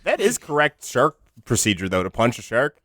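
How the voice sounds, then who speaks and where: A man's voice: mid-range voice, normal speed. A man co-hosting a comedy podcast, bantering and jumping into jokey bits. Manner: animated, jokey, jumps into bits. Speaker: podcast co-host.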